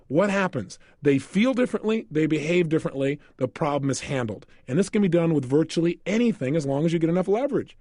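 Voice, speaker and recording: A man speaking fast in a high, animated voice that jumps around as he tells stories and asks listeners questions. The recording is dry and close, with no room sound. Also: no echo. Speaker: self-help speaker. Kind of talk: recorded motivational lecture.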